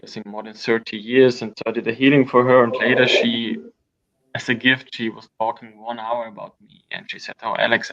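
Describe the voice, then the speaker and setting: Gravelly man telling wild stories. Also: mid-range voice. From Austria. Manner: rambling, animated storyteller with frequent restarts. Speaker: guest. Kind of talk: storytelling in an interview. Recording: dull lo-fi sound.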